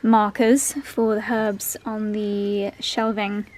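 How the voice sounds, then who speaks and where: A woman's voice: medium pitch, flat delivery, takes it slowly, a little mellow. A woman chatting upbeat to her viewers in a lifestyle vlog, calling them darlings. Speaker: vlogger. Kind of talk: casual vlog chat. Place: home and garden.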